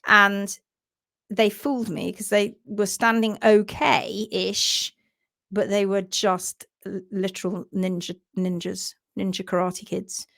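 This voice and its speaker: A woman, a hoof trimming instructor, telling an animated story on a live stream and acting out sounds and voices. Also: medium pitch, takes it slowly, gravelly.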